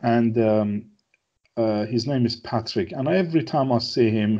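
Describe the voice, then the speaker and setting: A man's voice: on the low side, normal speed, muffled recording. A man from Iran with an Iranian accent, talking as a regular guest in casual chat, in broken English with frequent "yeah?" tag questions.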